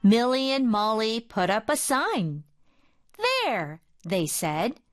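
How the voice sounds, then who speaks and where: A woman reading a children's picture book aloud, gentle and expressive. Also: fairly high pitch, takes it slowly, dry recording. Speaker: storybook reader.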